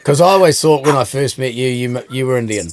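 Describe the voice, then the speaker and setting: A man's voice: medium pitch, fast talker. A middle-aged man, hosting a casual chat, telling cheeky stories with dry humour and plenty of swearing. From New Zealand. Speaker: host.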